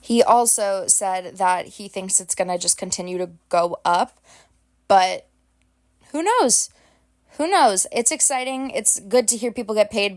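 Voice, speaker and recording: Chatty young woman podcast host. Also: medium pitch. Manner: chatty, many "like"s, laughs at herself. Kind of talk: solo hockey podcast chat. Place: home, dogs beside her.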